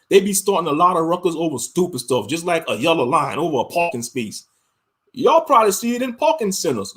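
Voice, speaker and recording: Here a US online commentator goes off on a loose, rambling rant full of slang and emphasis. His volume swings from shouted outbursts down to quiet muttering.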